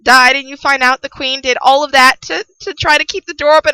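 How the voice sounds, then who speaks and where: A young woman giving a casual spoken book review, passionate and ranting, who repeats herself for emphasis and yells about parents. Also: high voice, steady tone, brisk, hardly any pauses, dry recording, rough recording.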